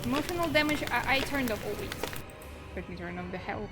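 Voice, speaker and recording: Playful woman streamer with lively pitch. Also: moderate pace. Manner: playful, teasing, laughs often. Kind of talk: casual stream chat reading viewer messages. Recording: roomy reverb with music behind.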